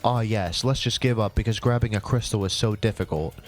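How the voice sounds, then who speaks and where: A man's voice: on the low side, a little fast. A man giving a comedic reading of his own old story, voicing every character in turn and breaking off with sarcastic, cringing asides. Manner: sarcastic, cringing outbursts between flat reading. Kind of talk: comedic dramatic reading with commentary.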